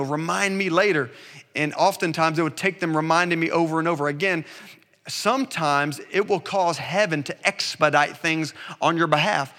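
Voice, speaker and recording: Pastor, man, bright and forceful voice, slightly high, preaching in a reverberant sanctuary. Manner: emphatic preaching with repeated refrains, dropping to conversational storytelling. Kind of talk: sermon.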